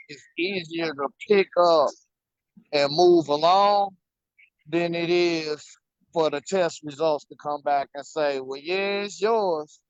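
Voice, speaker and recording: A man's voice: a little high, smooth, no echo, muffled recording. A man co-hosting a casual talk show, speaking emphatically and repeating words for stress. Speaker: podcast co-host. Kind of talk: casual conversation.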